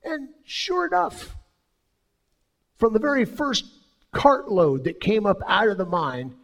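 A man preaching a sermon as pastor, telling stories with sudden swings between loud and soft. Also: high-pitched, big pitch swings, moderate pace.

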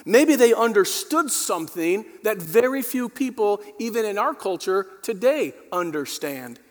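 A male pastor delivering a dynamic sermon, addressing the congregation directly and swinging from quiet, low passages to emphatic peaks. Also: sing-song, unhurried. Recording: long hall reverb.

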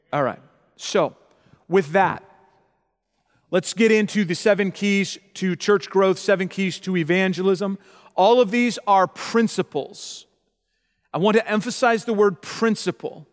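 A middle-aged man preaching as a pastor, who often checks in with his listeners and repeats his points. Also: high voice. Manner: repeats himself, asks the audience "okay?". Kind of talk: sermon. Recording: long hall reverb.

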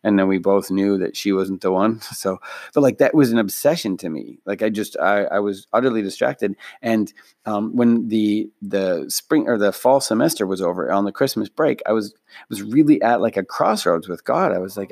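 A man's voice: fairly low pitch, moderate pace, creaky, a little mellow. A man from Minnesota with a Minnesotan accent, hosting a podcast from home late at night and telling rambling, self-deprecating stories. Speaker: podcast host. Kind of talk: casual storytelling monologue.

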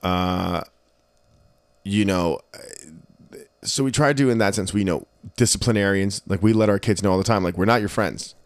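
A man on a casual podcast with a fairly low voice, telling stories in an animated way and acting out the people he quotes. The sound is dry and close, with no room echo. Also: moderate pace, pauses often, clean tone. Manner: animated storyteller who acts out quotes. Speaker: podcast host.

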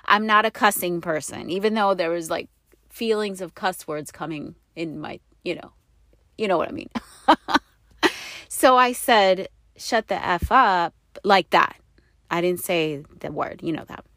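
Rambling, low-voiced woman telling a story. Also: steady tone, moderate pace, fairly bright tone, dry recording, studio quality. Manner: rambling and confessional, with many fillers and self-corrections; breaks into laughter often. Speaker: wife sharing a personal story. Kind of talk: candid personal storytelling to the camera.

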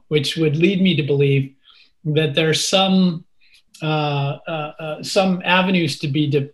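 A man's voice: fairly high pitch, fairly bright tone. A man hosting a casual conversation, pushing back with follow-up questions.

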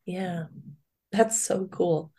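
A woman's voice: fairly low pitch, extremely slow, warm tone. A middle-aged woman hosting a podcast, affirming her guest and explaining ideas plainly. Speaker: podcast host. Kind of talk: casual podcast chat.

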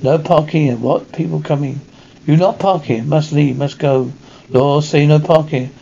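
A man's voice: fairly high pitch, a little slow, vocal fry, dark tone. A man doing a terse old shopkeeper in clipped broken phrases. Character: elderly male shopkeeper in broken English. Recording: dull lo-fi recording.

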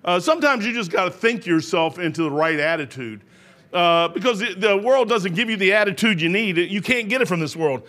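A man's voice: high-pitched, expressive, fairly quick, a bit bright. A man preaching a sermon in a folksy, rambling way, full of restarts.

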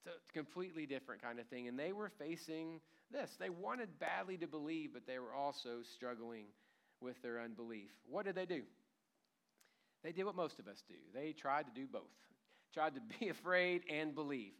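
Man, pastor, sermon, animated storytelling, lively delivery, slightly high voice. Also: moderate pace. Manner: animated storytelling, chuckles through lines.

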